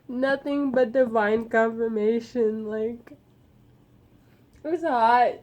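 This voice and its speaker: A young woman in a casual unboxing vlog, talking in an excitable, emotional and slangy way, gushing with gratitude. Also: a little high, takes it slowly. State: throat dry. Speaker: vlogger unboxing gifts.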